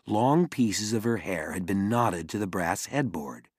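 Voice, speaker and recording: A man reading a children's novel aloud as an audiobook narrator, in an expressive way. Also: lowish voice, a little slow, breathy edge, no echo, clean studio sound. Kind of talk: scripted narration.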